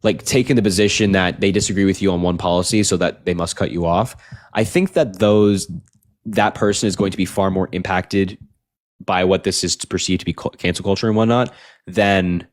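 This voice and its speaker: Young guy on a late night stream, low-ish voice, earnest rambling rants, kinda tired. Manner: earnest, repetitive, fast rants with filler "like". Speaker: political livestreamer. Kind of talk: late-night livestream talk, reading chat.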